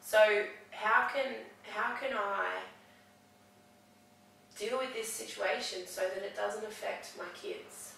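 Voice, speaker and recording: A woman speaks in a halting, hesitant way, restarting her sentences again and again as a counselling client. Her voice is bright with a gravelly edge. She sits well back from the mic in a very echoey room with a faint hiss behind her. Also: mid-range voice, fairly even intonation, distant mic. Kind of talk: counselling session conversation.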